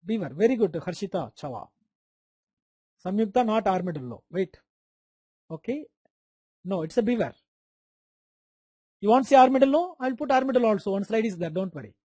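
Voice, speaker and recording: A man's voice: high voice, lively intonation, brisk, long pauses, warm tone, no echo. Man with an Indian accent lecturing medicine. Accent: Indian English. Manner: repeats key terms, quizzes students, makes sound effects. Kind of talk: live online lecture.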